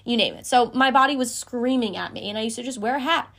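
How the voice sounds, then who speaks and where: A woman's voice: a little high, fast, hardly any pauses, a bit bright. A woman in her twenties frankly telling a personal story as a podcast host, casual and swearing freely.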